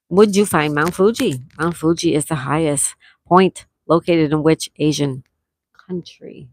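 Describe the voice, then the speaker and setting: A woman with a low voice hosts a friendly trivia livestream. She reads viewers' names and answers straight from the chat and stretches out each question. The sound is dry and close, with no room echo. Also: unhurried. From near Fort Lauderdale, Florida. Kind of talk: casual live-stream chat, reading viewer answers. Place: indoors at home during a thunderstorm.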